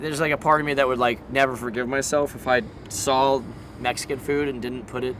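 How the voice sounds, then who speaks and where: A young man from Southern California, a skateboarding vlogger telling stories in a chatty, animated way full of fillers. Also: mid-range voice, a little fast, background noise. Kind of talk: casual storytelling vlog.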